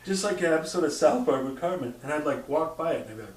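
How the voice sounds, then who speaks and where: Talking fast and animatedly in a slightly high voice, a man shares stories in casual chat. He swears without restraint and performs sound effects and quotes. The audio is roomy, picked up by a distant microphone.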